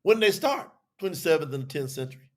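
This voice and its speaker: High, bright-voiced man teaching. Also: lively intonation. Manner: conversational, acts out both sides of an argument; repetitive, drawn-out explaining. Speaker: teacher on a religious telethon. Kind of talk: animated teaching to a live audience.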